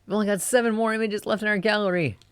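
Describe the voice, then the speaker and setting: A streamer casually commenting while playing a story game, in a rambling, low-key way. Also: fairly even intonation, rapid-fire, a bit bright, clear, resonant tone, no echo, soft background music.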